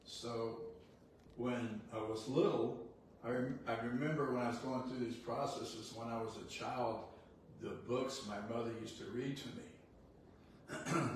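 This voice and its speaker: An older man giving a blunt, folksy motivational talk, laughing often as he tells stories. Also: medium pitch. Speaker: real estate CEO giving a talk. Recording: echoey room, distant mic, faint noise.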